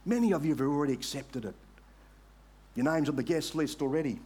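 A man preaching a sermon, making earnest appeals to the congregation and reading scripture aloud slowly. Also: a little high, darkish tone, slightly rough. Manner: earnest, rising to emphatic appeals.

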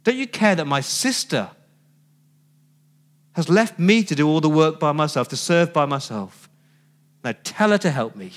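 A man's voice: fairly high pitch, animated, moderate pace, long pauses, natural voice. Exasperated woman hosting dinner, put on by a male preacher, indignant. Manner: indignant, complaining.

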